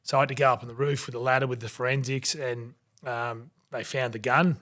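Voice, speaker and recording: An Australian man in his forties tells his stories as a podcast guest, his voice at an ordinary middle pitch. He acts out the people he quotes along the way. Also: a little fast. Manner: animated anecdotes, acting out quoted voices. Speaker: guest, former rugby league player. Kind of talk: storytelling in a podcast interview.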